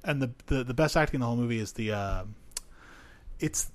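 A man's voice: medium pitch, a little fast. A man on a podcast reviewing a film in casual chat, rambling with lots of fillers and swearing. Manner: rambling, profane, many fillers, laughs often.

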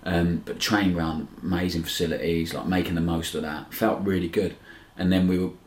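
Podcast guest: an ex-footballer, a man with a deep, quick, anecdotal delivery; echoey room. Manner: lively anecdotal storytelling, says "mate" often. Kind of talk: casual chat.

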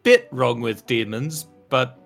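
A man in a mid-pitched voice chatting playfully as a player at a tabletop game. He stumbles and restarts his sentences as he jokes with the group, with faint music in the background. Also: very animated, creaky, a bit bright. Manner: halting, playful, lots of restarts. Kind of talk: casual in-character banter.

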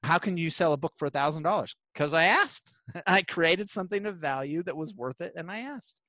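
A male podcast host telling a story in casual chat, lively, acting out the people he quotes. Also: a little high, fairly quick, no echo. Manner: animated, acts out quoted voices while retelling.

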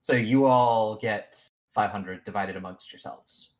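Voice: mid-range voice, unhurried. A game master narrating a tabletop game in a casual, rambling way with many fillers.

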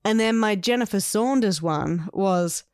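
A woman, co-hosting a podcast in casual chat and telling stories with quick laughs. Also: medium pitch, a little mellow, no room sound, clean studio sound. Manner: chatty, storytelling, quick to laugh. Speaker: podcast co-host.

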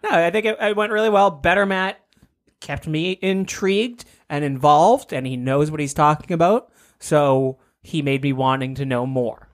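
A man on a casual podcast, teasing playfully and asking curious questions. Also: normal speed. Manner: playful teasing, voice jumps high.

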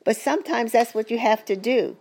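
An older woman giving earnest, gentle, faith-filled advice as the caregiver of her husband, in a personal testimony. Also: a little high, fairly quick.

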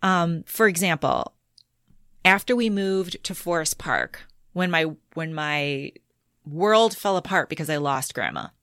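A middle-aged woman in a casual interview, telling personal stories candidly and lively voicing the people she quotes. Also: fairly low pitch, a little slow, smooth, dry recording, clean studio sound. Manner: candid storytelling, animated when quoting others. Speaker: podcast guest.

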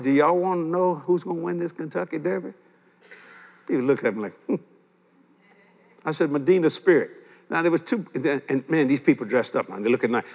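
An older man preaching a sermon, telling stories in a lively way with frequent chuckles and repeating his key points. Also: mid-range voice. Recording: long hall reverb.

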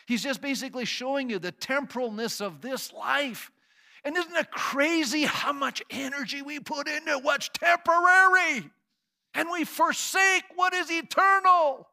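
A man's voice: extremely high pitch, measured pace, gravelly, bright, forceful tone. A man pastor preaching a sermon, reading scripture aloud and then building to emphatic, repeated declarations, with rhetorical questions to his listeners. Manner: uses sound effects and asks the congregation questions.

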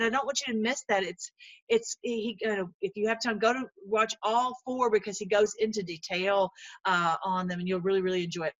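An earnest woman giving informal Bible teaching and prayer, animated, laughing often and repeating words as she goes. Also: mid-range voice, no room sound.

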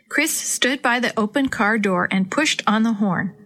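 A woman narrating a children's story aloud in a clear, even storytelling way. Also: a little high, a little slow, hardly any pauses.

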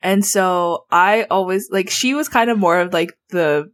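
A woman guest telling childhood stories in a casual, animated, giggly way, full of "like" fillers. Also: fairly low pitch, measured pace. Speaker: interview guest. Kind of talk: casual storytelling.

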